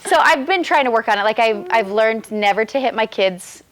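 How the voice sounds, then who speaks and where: Candid woman with a slightly high voice. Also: animated, a little fast, a crowd in the background. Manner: candid, self-deprecating, laughs while talking. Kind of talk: casual chat.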